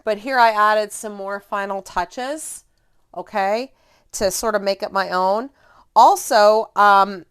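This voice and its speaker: A middle-aged woman with a smooth, clear voice at a middle pitch walks through her finished scrapbook pages. She talks in a casual, chatty way, pointing at details and correcting herself mid-sentence. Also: fairly bright tone. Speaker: scrapbooking instructor. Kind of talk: casual craft tutorial.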